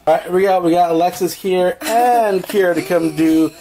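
A man's voice: high-pitched, normal speed, dark tone, low-quality recording. A man with a congested voice from a cold, hosting a casual family taste-test video and chatting easily to his viewers. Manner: easygoing, rambling, talks to viewers as "guys". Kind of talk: casual home video chat.

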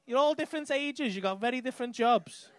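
A man's voice: very high-pitched, brisk, a bit bright, slight background noise. A man doing stand-up, bantering with the crowd in a brash, sweary way on a comedy club stage. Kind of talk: crowd work.

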